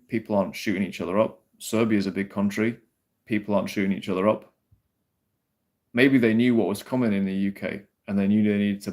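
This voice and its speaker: A man hosts a casual livestream with a somewhat low voice. He rambles loosely, swears freely and keeps turning to answer his chat's comments. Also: a little mellow. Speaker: livestream host.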